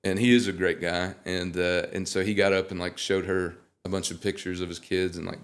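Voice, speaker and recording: Young male guest with a low voice, an animated and joking storyteller. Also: a little fast. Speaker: guest singer. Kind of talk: casual interview chat.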